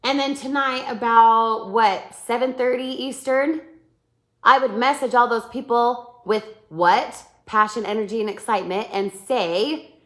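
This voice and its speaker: In a live webinar with roomy echo, an animated woman coaches her sales team, acting out sample messages and repeatedly checking understanding. Her voice is on the high side, delivered at normal speed.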